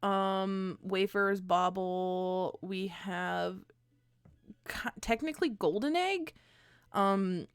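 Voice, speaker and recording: A woman's voice: medium pitch, slow, clear, resonant tone, no room sound, studio quality. A woman co-hosting a livestream, chatting in a playful, teasing way and laughing often. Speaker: streamer and deck-building co-host. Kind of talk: casual chat.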